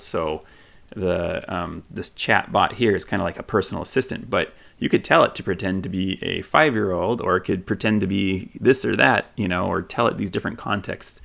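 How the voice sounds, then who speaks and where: This is a man with a deep voice and a very gravelly texture, talking through a software demo at his desk. He thinks aloud in a casual way and reads lines off the screen with plenty of ums. Keyboard typing is heard behind him. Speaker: tech video host.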